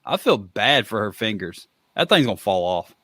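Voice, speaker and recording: A man hosting a podcast in casual chat, excitable and joking. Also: fairly low pitch, moderate pace, slightly rough, no echo. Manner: excitable, joking, jumpy delivery. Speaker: podcast host.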